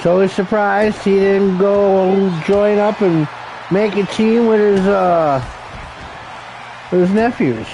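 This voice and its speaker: A man's voice: high-pitched, fairly even intonation, takes it slowly, noisy background. A man calling an amateur wrestling show as commentator, crude and joking, rambling and calling people brother. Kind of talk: profane play-by-play commentary.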